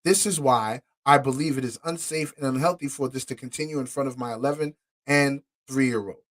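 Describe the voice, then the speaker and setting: A man hosting a podcast, angrily commenting on court documents he reads aloud, profane and indignant, stumbling over words and swinging from muttered asides to loud outbursts. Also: medium pitch, fairly quick. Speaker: podcast host.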